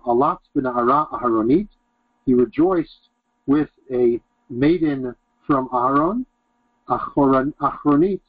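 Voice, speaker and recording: A man's voice: medium pitch, no echo, narrow, tinny audio. Brief: male teacher reading and glossing an old text line by line, dry, phone-thin sound. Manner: reads Aramaic phrases then translates them in short bursts. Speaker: Talmud teacher. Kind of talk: reading and explaining a text aloud.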